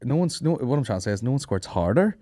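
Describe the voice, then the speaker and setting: A man's voice: medium pitch, fast talker, no room sound, clean studio sound. A Northern Irish man hosting a podcast, chatting casually and crudely and swearing freely as he tells stories. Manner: crude, animated, swearing storyteller. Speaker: podcast host.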